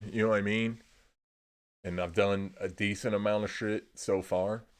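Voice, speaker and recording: Young male streamer, lowish voice, easygoing and profane, rambles and trails off. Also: little pitch movement, moderate pace. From Indiana, USA. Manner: laid-back, swears a lot, trails off with "I don't know". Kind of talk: casual rambling chat.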